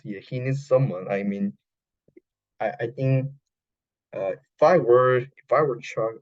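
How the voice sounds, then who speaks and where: Halting man retelling a film. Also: mid-range voice, dull audio. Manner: halting, many fillers and restarts, non-native grammar. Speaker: podcast host. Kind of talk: casual retelling of a film plot.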